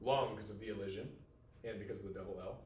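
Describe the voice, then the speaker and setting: A man teaching a Latin class, talking to his students in a casual, animated way. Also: lowish voice, very fast, roomy sound, a little hiss or hum. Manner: casual and animated, talks to students as "dude" and "y'all". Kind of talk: classroom lecture.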